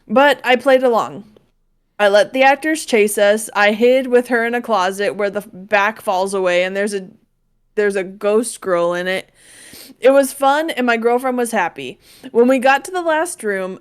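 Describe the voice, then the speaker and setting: A woman's voice: fairly high pitch, clean tone. A woman co-hosting a podcast, reading a listener's story aloud in casual chat with dry side remarks. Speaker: podcast co-host.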